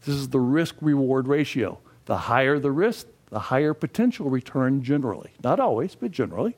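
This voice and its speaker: A man's voice: medium pitch, sing-song, brisk, darkish tone. Older guy lecturing a class, folksy, asks questions then answers em. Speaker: financial education instructor.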